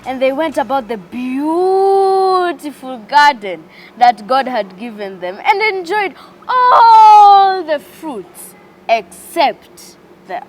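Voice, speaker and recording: A woman reads a Bible story aloud for children, slow and expressive. Her voice is high and swoops widely, with faint music playing underneath.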